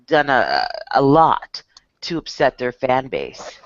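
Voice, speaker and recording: A woman's voice: very deep voice, very animated, takes it slowly, no echo. Blunt, exasperated woman podcast co-host. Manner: blunt, exasperated, swears freely. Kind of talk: casual chat. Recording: muffled dry podcast audio.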